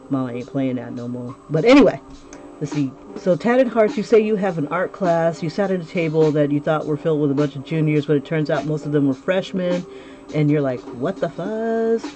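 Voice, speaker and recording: A woman's voice: deep voice, warm tone. A chatty woman livestreaming while she draws, talking to viewers with frequent laughs and restarted sentences. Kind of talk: casual livestream chat while drawing. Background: music playing clearly.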